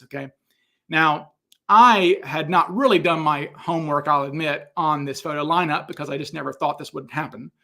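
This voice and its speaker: A middle-aged man with a gravelly voice pitched a bit high hosts a casual question-and-answer stream. He tells stories in an animated way, stopping and restarting often with plenty of fillers. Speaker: host answering viewer questions. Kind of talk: casual livestream Q&A.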